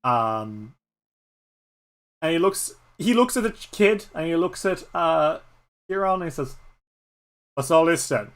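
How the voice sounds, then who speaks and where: A man's voice: on the high side, lively intonation, a little slow, long pauses. A man with an Irish accent narrating a solo tabletop game as game master in a rambling way, with many fillers.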